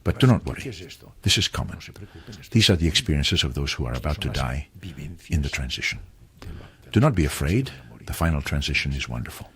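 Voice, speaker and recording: An older man from Spain, a retired surgeon, answering interview questions in a calm, earnest, reassuring way. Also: rumbling low, brisk, breathy edge.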